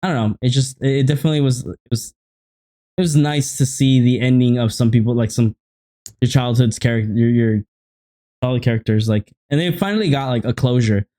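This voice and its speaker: A man's voice: mid-range voice, brisk. A man co-hosting a casual podcast, chatting in a loose, rambling way. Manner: relaxed, rambling, full of fillers and restarts. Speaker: podcast co-host. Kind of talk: casual chat.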